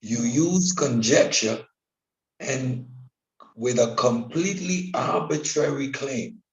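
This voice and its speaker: A man giving a slow, deadpan, mock-serious analysis. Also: medium pitch, vocal fry, muffled recording. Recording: echoey room.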